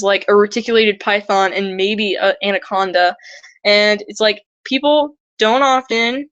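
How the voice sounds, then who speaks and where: A woman's voice: fairly bright tone, dry recording, muffled recording. A young woman talking casually and earnestly about reptile conservation in a vlog, chatty with many restarts. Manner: earnest, chatty, mimics other people in high squeaky voices.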